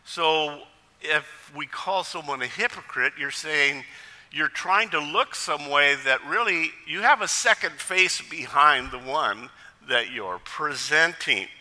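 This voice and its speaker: A man's voice: a little high, slow pace, big-room sound. A male pastor preaching a sermon in a church, telling jokes and stories along the way. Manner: lively storytelling with jokes.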